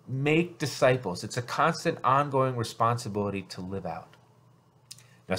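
A man's voice: medium pitch, a bit bright. Man preaching an earnest sermon. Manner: earnest, asks the listeners rhetorical questions. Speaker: pastor.

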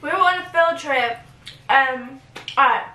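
A woman's voice: high-pitched, unhurried, pushed and bright. A young woman vlogger telling a story in a casual, rambling way, giggling and using fillers. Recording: echoey room, camera at a distance, faint noise.

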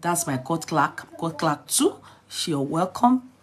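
A woman's voice: low voice, animated, a little slow. A woman with a Nigerian accent hosting a live stream. She greets viewers by name, chats freely and laughs often as she goes over the news. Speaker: vlog host.

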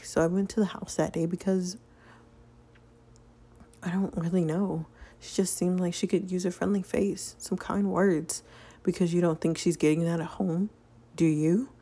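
A woman's voice: on the low side, dark tone, slightly rough. A woman voicing an earnest young man in a story game, speaking frankly and confronting an adult.

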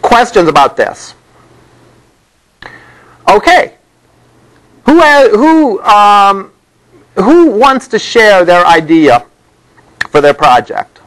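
A man's voice: high-pitched, sing-song, slow pace, long pauses, a bit bright, poor audio. A man teaching a college class, talking in a loose, conversational way with many fillers and side stories. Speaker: college instructor. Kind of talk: classroom lecture. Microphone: microphone worn by the lecturer.

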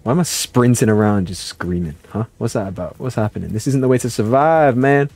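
Livestreaming a game from his bedroom, a young man offers playful, self-mocking commentary and sometimes bursts into song. He is animated, speaking fairly quickly in a mid-range voice.

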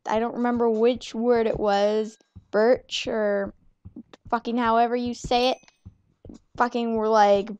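A woman's voice: on the high side, smooth, dry recording. Foul-mouthed young woman gaming, muffled audio. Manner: profane, rambling, self-mocking. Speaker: gaming channel host. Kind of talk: casual gameplay commentary. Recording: muffled lo-fi home recording.

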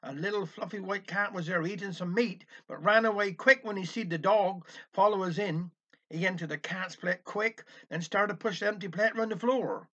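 High-voiced dialect storyteller man. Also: moderate pace, bright, forceful tone. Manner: chatty folksy narration with old sayings. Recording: dull lo-fi recording.

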